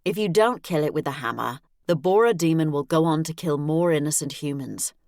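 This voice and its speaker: A man's voice: on the high side, a little fast, darkish tone, dry recording, clean studio sound, lightly acted. A woman voicing an urgent male wizard colleague who insists and presses his point in a storybook reading. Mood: insistent.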